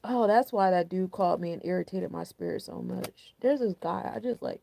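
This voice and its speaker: A woman's voice: on the low side, a little fast, vocal fry, hardly any pauses, dark tone, a little hiss or hum. A young woman hosting a casual astrology and numerology forecast, chatty and candid, full of loose slang and filler words. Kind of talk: casual spiritual forecast talk.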